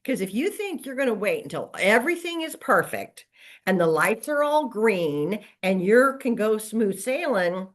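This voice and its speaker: A woman's voice: medium pitch, a little slow. A middle-aged woman coaching real estate agents in a casual motivational talk, acting out quoted lines as she goes. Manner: lively, conversational, acts out quoted lines.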